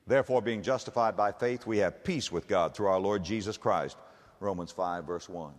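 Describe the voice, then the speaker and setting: A man's voice: low voice, moderate pace. A man preaching a sermon as pastor, reading scripture aloud with dramatic, rising emphasis in a large church sanctuary. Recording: long reverb of a large church.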